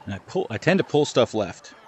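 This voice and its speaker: Middle-aged man, gameplay host, chatty and self-mocking, mid-pitched, faint hiss behind. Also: very animated, fairly quick, darkish tone. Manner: chatty, self-deprecating, talks to the ball. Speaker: gaming channel host. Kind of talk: casual gameplay commentary.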